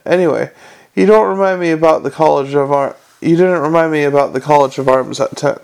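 Man reading a tired grumpy watch commander, short dry answers, gravelly voice. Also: on the high side, steady tone, brisk, a little mellow. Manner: terse and dry. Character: weary, dry middle-aged male city watch commander.

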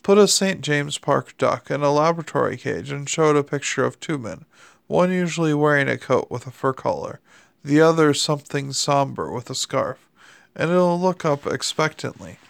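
A man reading a story aloud in dry, deadpan scripted narration. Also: a little high, moderate pace, vocal fry, dry recording. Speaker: audiobook narrator.

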